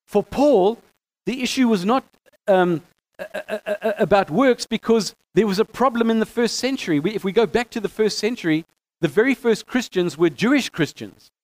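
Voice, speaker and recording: A man teaching a lesson on scripture, reading passages aloud and explaining them with animated emphasis and frequent restarts. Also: high-pitched, moderate pace. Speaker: bible teacher.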